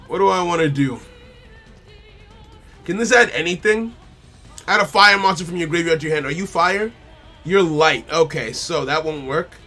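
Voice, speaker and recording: Thinking aloud through his turns on a card game stream, a bright-toned, fairly high-voiced man repeats phrases as he weighs his options. He speaks at a moderate pace with long pauses, talking to his opponent and viewers while soft music plays underneath.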